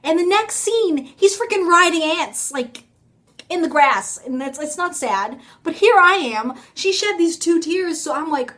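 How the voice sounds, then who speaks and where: A woman's voice: very high-pitched, lively intonation, moderate pace, a bit bright. A young woman talking casually to her phone camera in a rambling, self-mocking vlog, full of fillers. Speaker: vlogger.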